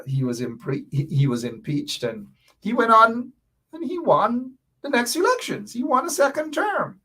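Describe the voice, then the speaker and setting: A man's voice: fairly high pitch, a bit bright. A middle-aged man hosting a political talk radio show, emphatic and sarcastic, hammering the same words over and over. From Guyana.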